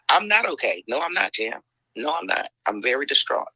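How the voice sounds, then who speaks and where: A woman's voice: rumbling low, big pitch swings, a little fast, pushed and bright, breathy edge, no room sound, poor audio. A woman hosting a livestream, talking in heated commentary with lots of swearing, sighs and "mm-mm"s. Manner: profane, exclaiming, lots of sighs and mm-mm.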